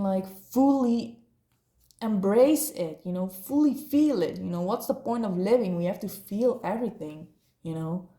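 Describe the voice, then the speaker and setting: A woman's voice: mid-range voice, mellow, roomy sound. A woman giving a casual spiritual reading, rambling and laughing, dropping slang like "bruh" and "eh". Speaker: tarot reader.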